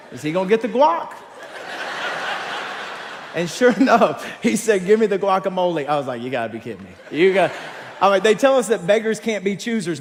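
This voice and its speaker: A man preaching as a campus pastor, telling a story in an animated, self-mocking way. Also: fairly high pitch. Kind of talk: sermon storytelling. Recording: long hall reverb.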